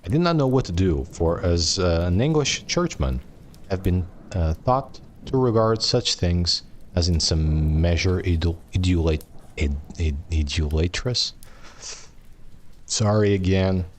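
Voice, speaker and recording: A man's voice: low-pitched, lively intonation, measured pace, a little hiss or hum. A man casually reading a novel aloud on a live stream, tripping over long words and tossing in jokey asides.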